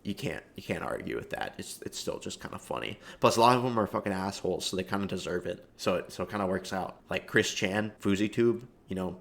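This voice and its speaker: A man with a fairly low voice talks through a loose, comedic monologue. He swears freely and leans on casual fillers, wandering from point to point in an offhand way. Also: animated, fast talker, vocal fry, hardly any pauses, a bit bright. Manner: rambling and profane, heavy fillers. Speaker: video commentator.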